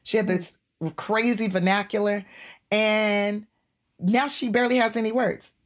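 A woman's voice: medium pitch, measured pace. Casual chatty middle-aged lady comedian, laughing and doing voices, medium voice. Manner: animated, laughing, acts out voices in her stories. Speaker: comedian and guest. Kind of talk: casual storytelling interview.

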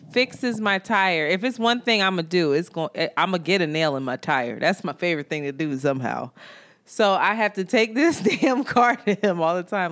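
Animated woman telling a dating story. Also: on the low side. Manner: animated, laughing, swearing casually. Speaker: podcast co-host. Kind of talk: casual storytelling chat. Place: Brooklyn, New York.

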